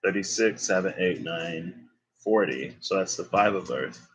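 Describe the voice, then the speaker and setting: Deep husky-voiced man thinking aloud. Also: expressive, a little slow, poor audio. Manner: rambling, thinking aloud, self-correcting. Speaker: tarot reader. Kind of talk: casual spoken tarot reading.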